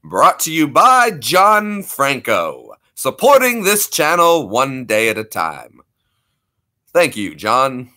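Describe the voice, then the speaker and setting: A man putting on a hyped, drawn-out radio and ring announcer voice. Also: mid-range voice, wildly swooping pitch, sharp tone, full character voice. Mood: smooth promo.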